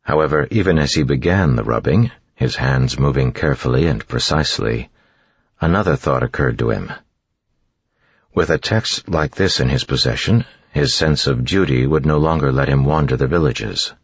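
An audiobook narrator with a very deep, husky male voice reads scripted narration at a moderate pace. There's no room sound, and the studio recording is dull and dry.

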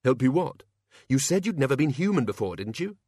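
A man voicing a brisk, dry young woman in an audiobook, with a sharp, matter-of-fact delivery. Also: mid-range voice, big pitch swings, breathy edge, no echo, pitched above the performer's own voice. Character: young woman, crisp and no-nonsense.

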